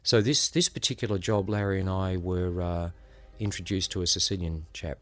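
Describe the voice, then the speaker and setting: A former undercover police officer with an Australian accent looks back on his experiences in unhurried, reflective, conversational storytelling, acting out the voices he quotes. His voice sits low with fairly even intonation and a fairly bright tone, over soft background music.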